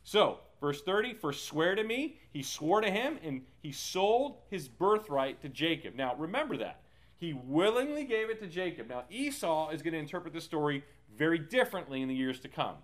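Man teaching a Bible study, somewhat high voice, casual, lots of ums and restarts. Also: very animated, normal speed. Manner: talkative, many fillers and restarts.

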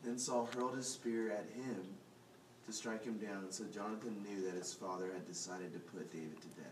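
Male group member, lowish voice, steady scripture reading, off-mic with noisy room. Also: normal speed. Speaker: scripture reader in a study group. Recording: distant from the mic with room noise.

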